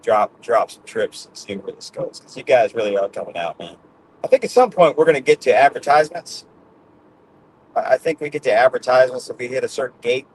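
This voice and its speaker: A man's voice: medium pitch, animated, a little fast, a little hiss or hum, rough recording. A middle-aged man hosting his own show, talking to his audience in a loose, rambling way, laughing often and tagging "man" onto his sentences. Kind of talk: casual rambling monologue.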